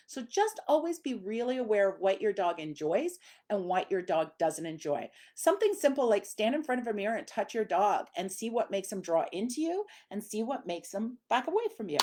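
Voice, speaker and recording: Middle-aged woman dog trainer, casual live-stream talk, chatty with ums, average pitch. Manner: chatty, conversational, many fillers.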